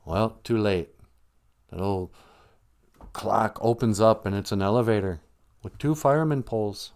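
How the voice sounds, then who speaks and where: Brief: low-voiced man, casual comic storyteller on a livestream, loose and rambling. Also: expressive, moderate pace, darkish tone. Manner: rambling, jokey, with fillers and restarts.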